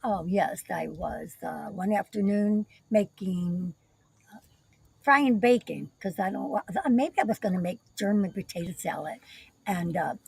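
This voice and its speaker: A woman's voice: mid-range voice, unhurried, gravelly, a little mellow, slightly rough, no room sound, low-quality recording. An older woman, the host's mother, telling rambling family stories in a casual chat. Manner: rambling storyteller with filler words.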